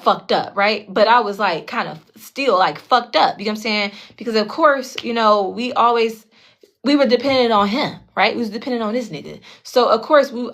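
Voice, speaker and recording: A woman telling a personal story in a casual, blunt monologue, heavily profane, often checking in with her listeners and acting out the people in her story. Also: fairly high pitch. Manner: animated, acts out the other people in her story. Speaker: tarot channel host telling a personal story.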